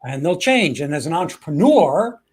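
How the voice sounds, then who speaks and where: A man's voice: a little high, very animated, moderate pace, slightly rough. A man co-hosting a casual talk show, drawing business lessons in a coaching tone. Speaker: podcast co-host. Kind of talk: casual chat.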